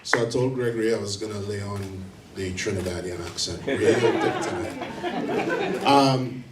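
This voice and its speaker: A man's voice: lowish voice, very animated, measured pace, crowd noise, background noise. A man who leads a film center, giving a brief event speech with dry, wry humor. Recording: echoey hall mic from far off.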